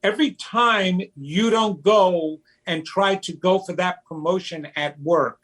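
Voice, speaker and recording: A man talking as a guest in an interview, slow and emphatic, sometimes acting out childish voices. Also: high voice, fairly bright tone. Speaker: psychic medium guest. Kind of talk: conversational interview.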